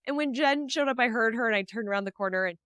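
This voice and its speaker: A woman hosting a podcast, talking enthusiastically and warmly on her own about her business event. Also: on the high side, quick pace, clean tone, dry recording, clean studio sound. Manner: enthusiastic, upbeat, heartfelt. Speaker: podcast host. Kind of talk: solo podcast recap.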